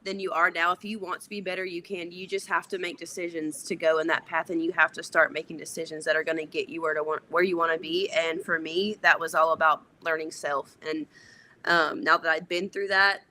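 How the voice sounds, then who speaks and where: A woman's voice: sits low, flat delivery, brisk, bright, forceful tone. A woman guest on a podcast speaking in a motivational yet playful, casual way.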